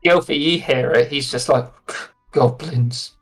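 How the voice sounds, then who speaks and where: A man narrating as game master for a tabletop role-playing session, in a relaxed, rambling way. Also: mid-range voice, moderate pace, faint music behind.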